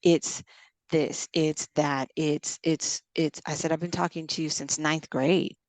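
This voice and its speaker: A woman's voice: sits low, fairly even intonation, measured pace, darkish tone, dry recording. A middle-aged woman in casual chat, telling stories and quoting others in dialogue as a podcast co-host.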